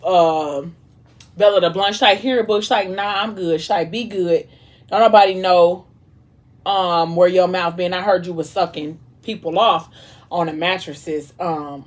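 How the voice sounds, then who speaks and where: Animated young woman retelling a story. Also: fairly low pitch, moderate pace. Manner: animated, dramatic retelling with quoted dialogue and slang. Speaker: mukbang vlogger retelling a book. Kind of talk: casual storytelling chat.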